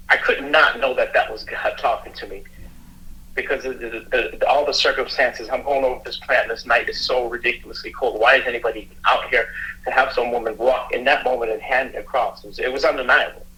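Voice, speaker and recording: A middle-aged man tells a painful personal story in an earnest, halting way, stopping and restarting his sentences. His voice is bright and forward, and it is of middling pitch. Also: fairly even intonation, low-quality recording. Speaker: police officer and youth mentor, guest.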